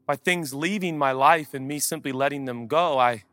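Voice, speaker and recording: A man preaching a sermon as pastor, swinging between loud impassioned calls and quiet conversational asides. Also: medium pitch, normal speed, no echo, long reverb tail.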